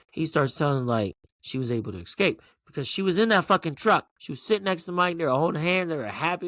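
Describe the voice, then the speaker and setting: A man hosting his own show, giving a casual, rambling recap of a TV finale. He talks with excitement, swears freely and keeps asking "right?". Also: fairly high pitch, quick pace, few pauses, no echo, studio quality. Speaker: show host.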